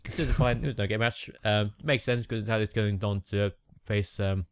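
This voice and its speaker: A young man co-hosting a podcast, chatting casually about wrestling with a relaxed, hesitant manner and frequent laughs. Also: on the low side, brisk, clean tone, no room sound. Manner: laid-back, laughs often, hesitant with ums. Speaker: podcast co-host.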